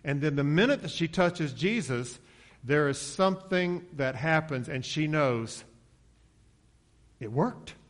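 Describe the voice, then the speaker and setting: A man's voice: animated, unhurried. A man preaching an expository sermon in a conversational way, acting out the quoted lines in a lifted voice. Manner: conversational, acts out quotes with raised pitch.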